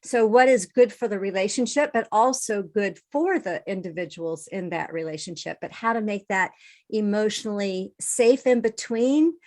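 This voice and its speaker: A woman's voice: medium pitch, moderate pace, darkish tone. A woman hosting a podcast interview, eagerly jumping in with follow-up remarks and questions about counseling. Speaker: podcast host and therapist.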